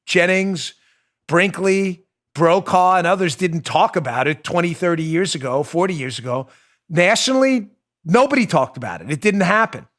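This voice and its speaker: Male political talk host, slightly high voice, heated and sarcastic, hammers each point by repeating it. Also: expressive, moderate pace, a bit bright. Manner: emphatic, repeats points for stress. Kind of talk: opinionated political monologue.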